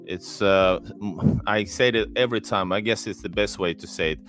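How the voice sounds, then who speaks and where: Livestream host, male, deep low voice, rambling casual delivery, faint music bed. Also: normal speed, a bit bright. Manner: rambling, many fillers and restarts. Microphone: close desk mic.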